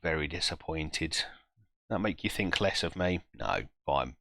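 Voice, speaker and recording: Lively, bright-voiced man groaning at his game. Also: extremely low pitch, unhurried, gravelly, no echo. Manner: self-mocking, groaning reactions to match events. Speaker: streamer. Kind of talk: live commentary while playing a football management game.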